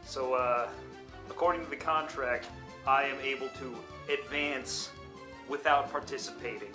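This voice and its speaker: A man playing a laid-back twenty-two-year-old college student who speaks casually and haltingly, with a smug, legalistic edge. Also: mid-range voice, sharp tone, soft background music, close to an everyday voice. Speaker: game show contestant.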